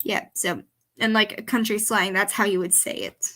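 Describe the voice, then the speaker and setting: A woman's voice: medium pitch, steady tone, moderate pace, pushed and bright. Chatty woman with a Southern country accent. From American South, countryside. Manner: chatty, rambling, explains as she goes. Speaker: YouTuber reacting to her own videos. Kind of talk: casual reaction commentary.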